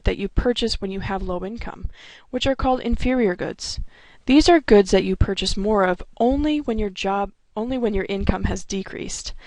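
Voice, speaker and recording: A woman delivers a recorded economics lecture, steady and explanatory. Her voice carries a gravelly fry at phrase ends. The recording is dry and close, with no room sound. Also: mid-range voice, dry recording. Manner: clear explanatory delivery with occasional restarts. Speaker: economics instructor.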